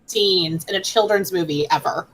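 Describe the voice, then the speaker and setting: A woman's voice: fairly low pitch, moderate pace, low-quality recording. A woman playing a tabletop game in casual chat, easygoing. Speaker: player.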